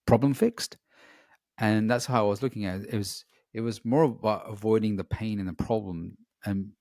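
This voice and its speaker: Earnest man, lowish voice. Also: gravelly, a little mellow, no echo, studio quality. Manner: earnest and reflective, with frequent "you know" fillers. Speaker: coach, interview guest. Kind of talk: personal story in an interview.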